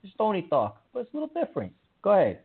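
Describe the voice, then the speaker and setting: Gravelly talk-radio host on a tinny line. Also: male voice, high-pitched, wildly swooping pitch, rapid-fire. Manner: emphatic, repetitive, scolding. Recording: tinny phone-like audio.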